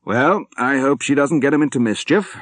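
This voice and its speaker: A white-haired old general, hearty and jovial, his raised voice booming out each point, as a male narrator puts him on. He is played high and loud against the reader's usual low, dry tone, heard in a spoken book. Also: lively intonation, normal speed, no room sound, lightly acted. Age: older. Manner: booming, cheerful, emphatic.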